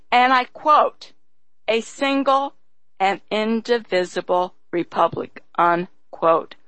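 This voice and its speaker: A woman reading commentary aloud in an emphatic, deliberate manner, formally marking quotations as she goes. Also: on the high side, a bit bright, dry recording, poor audio. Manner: emphatic, deliberate, quotes sources with "I quote".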